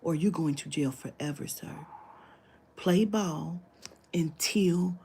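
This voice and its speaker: Here a spiritual reader spins a long, casual tale about one of her clients, performing the quotes, swearing liberally and slipping into whispers. Her voice is low, dark and a little slow, with faint hiss or hum in the background.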